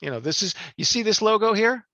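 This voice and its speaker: An older male voice actor tells stories from his career in a chatty, animated way, his pitch swinging widely as he talks. The sound is dry and close, with no room around it. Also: a little fast, no echo, highs cut off. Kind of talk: interview storytelling.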